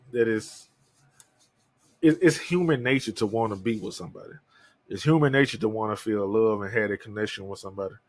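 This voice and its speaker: A man's voice: mid-range voice, no room sound. Thirty-something guy rambling on his podcast, cussing a lot, dry close sound. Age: 30s. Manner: candid, profane, rambling. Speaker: podcast host. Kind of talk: casual solo monologue.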